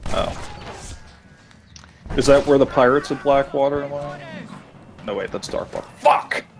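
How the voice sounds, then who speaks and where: A man's voice: mid-range voice, fairly even intonation, a little slow. A man bantering casually during a let's play and throwing in absurd jokes.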